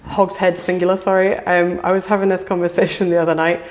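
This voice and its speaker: Chatty woman explaining whisky, low-pitched. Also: little pitch movement, quick pace. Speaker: whisky brand representative. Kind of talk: casual conversational interview.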